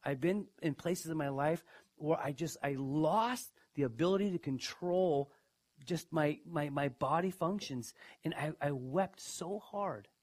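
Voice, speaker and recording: A man preaching a sermon, emphatic, who asks his listeners questions and swings from hushed to loud. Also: measured pace. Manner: emphatic, dramatic swings in pitch and loudness. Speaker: pastor.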